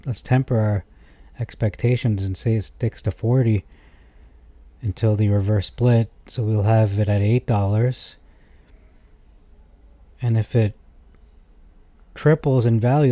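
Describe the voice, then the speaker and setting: A man with a low, mellow voice hosts a casual stock commentary. He thinks aloud with plenty of fillers and lets out exasperated, animated asides as he reads viewer comments. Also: no echo. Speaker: stock market video host. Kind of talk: casual commentary reading chat.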